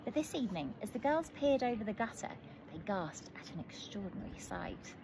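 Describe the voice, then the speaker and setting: A woman author reading her children's book aloud in a gentle, measured storytelling manner. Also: mid-range voice, very animated, gravelly, noisy background.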